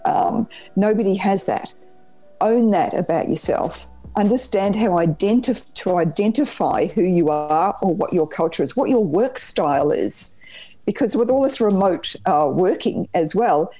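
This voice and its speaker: A woman with a New Zealand accent, a guest on a podcast, telling stories in an upbeat, animated way. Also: on the low side, low-quality recording. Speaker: podcast guest, business trainer. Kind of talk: casual podcast interview.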